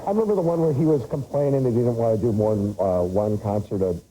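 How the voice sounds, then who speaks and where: A man's voice: mid-range voice, quick pace, dark tone, a little hiss or hum, rough recording. A man guest on a TV talk show, telling rambling comic anecdotes. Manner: rambling, self-interrupting anecdotes. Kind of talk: comic storytelling. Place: TV studio.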